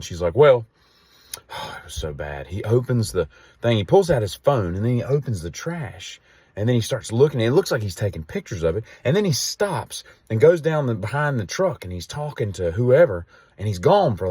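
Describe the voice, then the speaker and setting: A man's voice: on the low side, no room sound. A man telling a rambling story and ranting casually to camera, exasperated. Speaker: vlogger.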